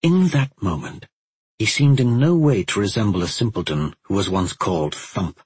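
A man reading a fantasy novel aloud in a measured storytelling manner. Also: lowish voice, animated, darkish tone, breathy edge, no echo, rough recording. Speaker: audiobook narrator. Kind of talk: scripted narration.

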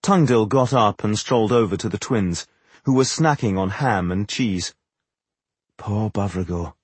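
A man reads a fantasy novel aloud in a measured, steady way. His voice is husky and recorded close on a studio mic. The sound is dry, with no room echo. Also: lowish voice. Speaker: audiobook narrator. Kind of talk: scripted narration.

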